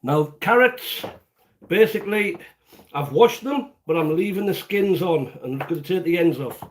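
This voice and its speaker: A man's voice: sits high, animated, normal speed, slight background noise. A man from the UK hosting a casual live cooking stream from his home kitchen, chatty and jokey, rambling as he greets viewers by name. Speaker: cooking show host.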